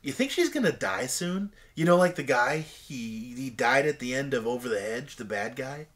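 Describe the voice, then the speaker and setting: A young man acting a clueless, tactless guest in a comedy sketch, rambling through absurd stories with halting fillers. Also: medium pitch, lively intonation, a bit bright, lightly acted. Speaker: bizarre guest in a comedy skit.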